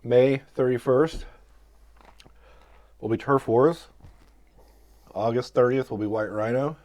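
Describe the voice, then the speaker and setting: A man's voice: medium pitch, slow, darkish tone. A man with an American accent, co-hosting a casual podcast, teasing his guest and laughing a lot. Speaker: podcast co-host. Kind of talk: casual chat while eating hot sauce.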